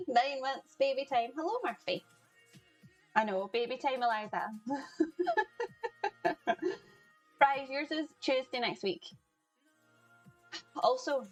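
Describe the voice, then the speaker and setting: A woman's voice: on the high side, lively intonation, slow pace, pauses often, faint music behind, low-quality recording. A woman hosting a live cooking stream, chatting casually with viewers and greeting them by name as she cooks. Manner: chatty, greets chat by name, laughs often. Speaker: livestream cooking host. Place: home kitchen.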